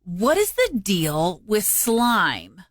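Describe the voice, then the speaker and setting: A woman's voice: mid-range voice, wildly swooping pitch, drawn-out words, dry recording. A woman co-hosting a radio show, chatting in a joking, self-deprecating way in the studio. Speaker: radio co-host. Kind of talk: casual studio chat.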